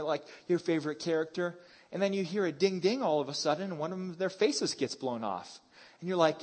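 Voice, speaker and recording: Male pastor, lively and casual sermon delivery, voice sits a bit high. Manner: casual, animated preaching with slang.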